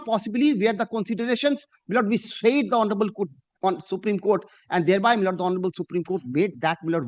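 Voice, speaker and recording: High-pitched man arguing in court. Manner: deferential, addressing the bench as "my lord" again and again; slow and emphatic when reading out judgments. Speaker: advocate arguing before a judge. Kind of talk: formal courtroom argument.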